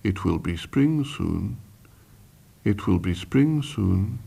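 A man giving a slow, measured poetry reading in an old archive recording. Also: fairly low pitch, lively intonation, gravelly, warm tone, slightly rough. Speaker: poet.

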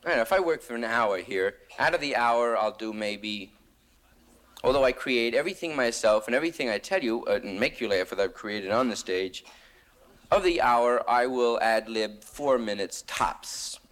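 A man's voice: mid-range voice, lively intonation, normal speed, a bit bright. A young man doing a rambling, slangy stand-up monologue on stage. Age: young adult. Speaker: stand-up comedian.

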